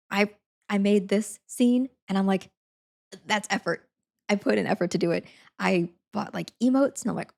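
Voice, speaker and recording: A woman's voice: medium pitch, creaky, darkish tone. A young adult woman chatting casually on a live stream, laughing often, saying "like" a lot and thanking viewers again and again.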